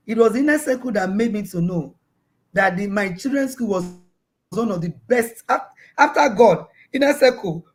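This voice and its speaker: Woman guest on a remote call, animated storyteller, stumbles and repeats words, plays her children's lines. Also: medium pitch. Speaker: guest parent. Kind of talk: casual storytelling interview. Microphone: video call.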